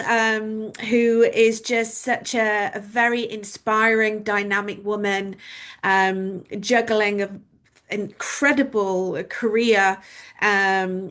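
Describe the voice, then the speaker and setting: Female co-host, online awards presentation, full of praise, lots of "um"s, video call mic. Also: mid-range voice. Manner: warm praise with many fillers.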